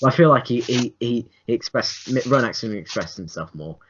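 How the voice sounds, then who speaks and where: A man's voice: mid-range voice, brisk, a little hiss or hum. Young man, rambling podcast chat. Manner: rambling, restarts, animated put-on quotes. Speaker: podcast co-host. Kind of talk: casual film review chat. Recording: dull lo-fi home recording.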